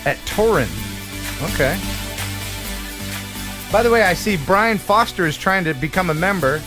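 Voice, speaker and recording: A man's voice: sits high, animated, moderate pace, over music. A man from the USA hosting a live stream in casual chat, playful and joking, laughing often.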